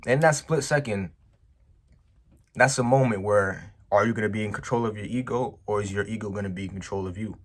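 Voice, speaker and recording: Here a business owner with a lowish voice moves briskly through a personal anecdote. It's an animated, slangy vlog monologue, delivered with emphasis and sprinkled with "bro."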